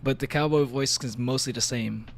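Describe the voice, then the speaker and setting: A man's voice: mid-range voice, steady tone, normal speed, vocal fry, slight background noise. A man chatting casually on a game stream, rambling with many fillers and frequent laughs. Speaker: VTuber streamer.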